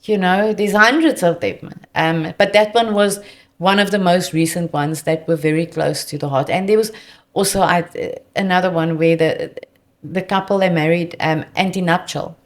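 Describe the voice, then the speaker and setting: A South African woman, a debt counsellor guest, telling earnest, animated client stories in conversation. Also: fairly low pitch, normal speed. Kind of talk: conversational storytelling.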